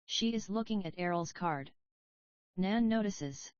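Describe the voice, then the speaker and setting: A woman reading a play aloud as an audiobook, giving the stage directions in a plain, even way. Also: medium pitch, unhurried, no room sound, lo-fi sound. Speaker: audiobook reader. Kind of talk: scripted narration of a play.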